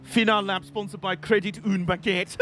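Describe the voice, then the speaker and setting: A man's voice: high voice, little pitch movement, moderate pace, pushed and bright, soft background music. Jokey man streaming a racing game. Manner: jokey, rambling, chatty banter. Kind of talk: live gameplay commentary.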